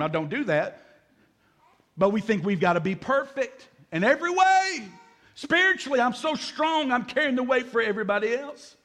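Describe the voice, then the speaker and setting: A man in his fifties, a pastor preaching a sermon in a lively, joking way, acting out little scenes and calling for amens. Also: high voice, brisk. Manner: lively and joking, acts out voices, calls for amens from the congregation.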